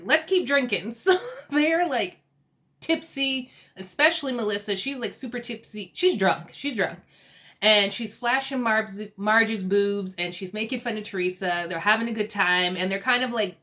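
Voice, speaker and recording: Laughing, chatty woman recapping a show. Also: medium pitch. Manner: chatty, laughs often, acts out quotes in lively bursts. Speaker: TV recap vlogger. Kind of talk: casual episode recap.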